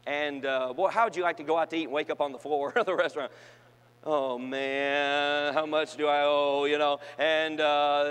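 A man preaching to young people, telling funny stories and swinging from shouted peaks to quiet asides. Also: fairly high pitch. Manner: humorous storytelling with shouted climaxes and quiet asides. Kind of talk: sermon to a youth gathering. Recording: long hall reverb.

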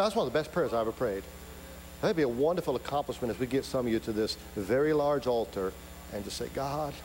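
A man preaching to a congregation in a large sanctuary, his voice ringing with long reverb. He punches lines hard and loud, then falls back to a hushed, close tone. A faint hum sits under the recording. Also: mid-range voice. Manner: emphatic, builds to loud rising peaks, drops to soft intimate asides. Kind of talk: sermon.

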